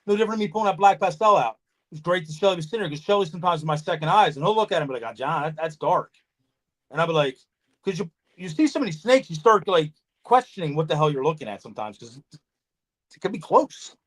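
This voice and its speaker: Guy on a podcast, swears a lot, acts out convos, kinda high voice. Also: fast talker. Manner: animated storyteller, swears, acts out conversations. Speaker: podcast host, snake breeder. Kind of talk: casual chat.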